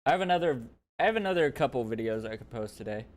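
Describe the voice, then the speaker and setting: A man's voice: medium pitch, expressive, quick pace. A man streaming reactions to videos, commenting bluntly and jokingly and swearing freely.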